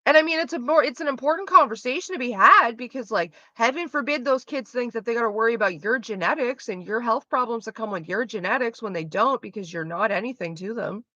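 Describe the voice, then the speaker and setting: On a casual livestream, a female host talks bluntly and at length, cursing a lot along the way. Her voice is fairly high, pushed and bright, and she speaks quickly with few pauses. The recording is dry, slightly muffled, and lo-fi.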